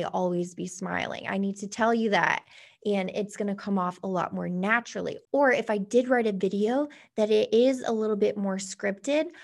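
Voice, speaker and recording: A woman talking straight to camera, teaching on-camera speaking tips in a casual instructional way, with lively inflection and deliberate pauses. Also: medium pitch, creaky. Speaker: online presenter giving on-camera tips. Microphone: camera facing the speaker.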